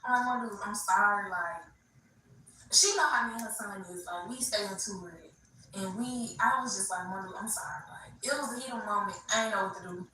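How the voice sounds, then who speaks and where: A woman hosting a livestream, casually telling a story to her viewers in an animated, slangy way. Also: medium pitch, fairly quick, distant mic, slight background noise. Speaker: livestream host. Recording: echoey room, away from the mic.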